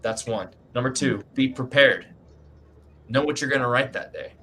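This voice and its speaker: A man's voice: medium pitch, normal speed, sharp tone, slight background noise. A man giving writing advice in a casual group video chat, emphatic and folksy, often tagging lines with "man", speaking from his home writing room.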